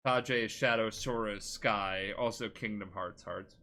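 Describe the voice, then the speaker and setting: Tipsy rambling bright-voiced man. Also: fairly low pitch, steady tone, measured pace. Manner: rambling, profane, giggly. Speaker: podcast host. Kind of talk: casual podcast chat.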